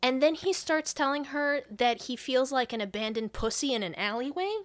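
Female podcast co-host, higher voice, casual profane plot recapper. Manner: loose, profane storytelling, quick laughs. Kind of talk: casual chat.

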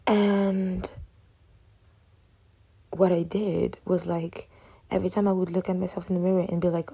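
Woman, podcast host, husky and mellow tone, casual and rambling, reflective. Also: fairly low pitch, little pitch movement, normal speed. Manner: rambling, filler-heavy, self-correcting; candid and reflective. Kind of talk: casual solo podcast talk.

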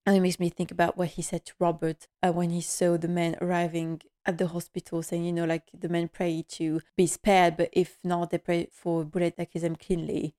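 A woman hosts a podcast and recaps a drama episode in casual chat. She talks quickly and with feeling, in a slightly low voice. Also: level tone, dark tone. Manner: emotional, quick, heartfelt. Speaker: podcast host.

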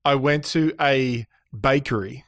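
A man with an Australian accent, a podcast guest telling stories in an animated way, acting out voices and laughing often. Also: medium pitch, a little slow, no echo, clean studio sound. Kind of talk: casual interview chat.

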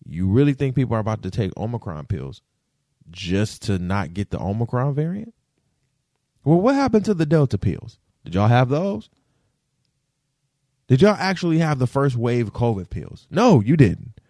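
Animated New man ranting. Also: mid-range voice, normal speed, no echo, clean studio sound. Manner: animated, swears freely, frequent fillers and "you feel me". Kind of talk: casual rant, podcast-style chat.

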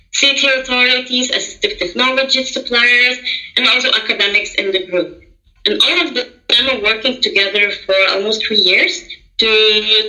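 A woman's voice: on the high side, pushed and bright, roomy sound, rough recording. A woman, a podcast guest giving earnest, explanatory interview answers and sometimes searching for words. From Lithuania. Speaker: podcast guest, project coordinator.

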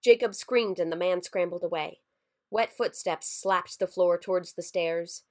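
A woman narrating a scripted horror story in a measured, somber way. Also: on the low side. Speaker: story reader.

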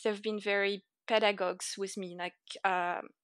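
Young french-accented woman, chatty and laughing, bright voice, dry close sound. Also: medium pitch, little pitch movement, normal speed, clear, resonant tone, dry recording. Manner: chatty, laughs often, many fillers. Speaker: guest. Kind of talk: casual interview.

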